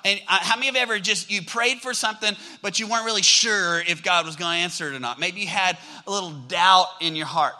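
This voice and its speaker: A man's voice: high voice, fast, few pauses, sharp tone, rough recording. A male pastor preaching a sermon with energy, drawing the congregation in with call-and-response prompts.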